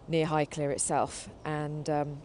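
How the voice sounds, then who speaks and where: An English woman hosting a chat show, her voice sitting low. She rambles casually, circling her points with plenty of "sort of" and "um." There's a faint hum of background noise. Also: completely flat delivery, takes it slowly, darkish tone. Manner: rambling, many fillers and hedges. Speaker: host.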